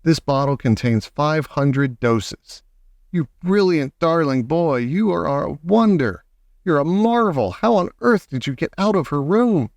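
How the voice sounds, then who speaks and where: A man reading an audiobook, voicing an elderly grandmother who talks in a warm, fussing, protective way. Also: medium pitch, normal speed, clean tone, dry recording, lightly acted. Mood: delighted praise. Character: elderly grandmother, loving and fierce. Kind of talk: audiobook character voice.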